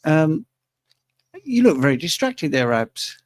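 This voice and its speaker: A man's voice: on the high side, big pitch swings, slow pace, dry recording, studio quality. A man hosting a live question-and-answer stream from the UK, chatty and teasing. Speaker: host. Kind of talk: live Q&A chat.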